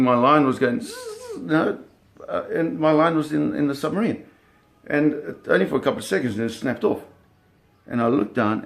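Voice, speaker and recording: A man telling a personal story in an animated, vivid way, often restarting his phrases. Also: mid-range voice, gravelly.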